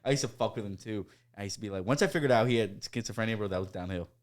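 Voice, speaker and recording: Fast-talking man telling work stories. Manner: animated storyteller, acts out coworkers in loud high voices, swears a lot, laughs often. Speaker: podcast host. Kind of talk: casual chat.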